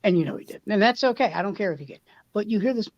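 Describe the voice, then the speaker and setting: Female comedian, lively anecdote teller, muffled dry recording. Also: medium pitch, very fast, no room sound. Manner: animated anecdote telling with quoted voices. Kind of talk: casual storytelling chat.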